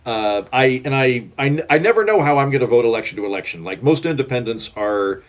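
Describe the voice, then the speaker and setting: A guest author from Oklahoma, United States, chats on a casual podcast in an expressive, medium-pitched voice at a fairly quick clip. He rambles, packing his talk with "like" and restarts.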